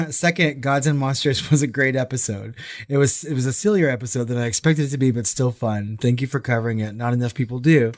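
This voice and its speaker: A man co-hosting a podcast in casual chat, relaxed and quick to laugh. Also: mid-range voice. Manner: laughs easily, relaxed and chatty. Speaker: podcast co-host.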